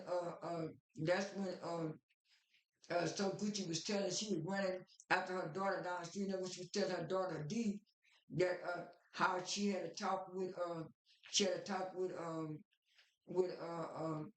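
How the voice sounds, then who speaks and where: Man, casual show recap, halting, rambling, lots of uh and repeats, echoey room. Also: high-pitched. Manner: halting and rambling, many fillers and repeated words.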